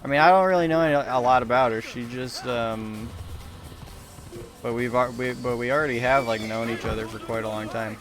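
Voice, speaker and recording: Faint music plays behind a young man's mid-range, slightly bright voice as he talks fairly quickly. He's streaming a game and giving his chat loose, rambling commentary full of profanity and self-mockery.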